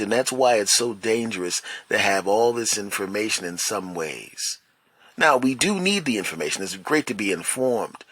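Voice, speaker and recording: A middle-aged man hosting a solo podcast, telling stories in a rambling, animated way with self-mocking asides. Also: on the low side, no room sound. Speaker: podcast host.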